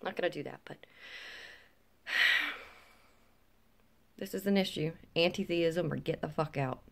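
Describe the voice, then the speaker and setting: Outspoken Southern woman vlogger with a slightly low voice, filming on a close phone. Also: slow pace, gravelly, a bit bright. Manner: blunt, profane, dips into whispers for emphasis. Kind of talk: blunt opinion rant to camera. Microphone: phone held close.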